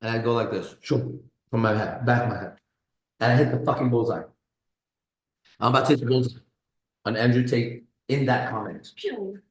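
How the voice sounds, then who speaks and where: A man hosting a casual live stream, boastful and profane, with his voice swinging between low mutters and loud bursts. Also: moderate pace, long pauses, echoey room, low-quality recording. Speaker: pickup coach host. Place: kitchen.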